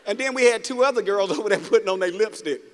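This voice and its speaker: A man's voice: high voice, lively intonation, fast, big-room sound. A man from Mississippi giving a motivational speech in a large auditorium, telling stories and calling out to the crowd, with the audience laughing along. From Mississippi, United States. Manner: preachy, storytelling, calls out to the crowd. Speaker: motivational speaker.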